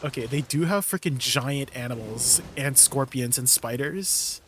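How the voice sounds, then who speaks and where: A man's voice: mid-range voice, measured pace, fairly bright tone, a little hiss or hum. A man streaming live and chatting casually with his viewers, laid-back and laughing often. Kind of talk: casual livestream chat with viewers.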